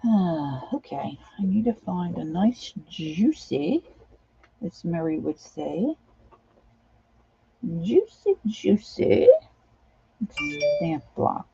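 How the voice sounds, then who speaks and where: A woman's voice: fairly low pitch, slow, gravelly, mellow, slightly rough, dry recording, muffled recording. A middle-aged woman chatting casually as she works on a craft project, rambling on and answering viewers' comments.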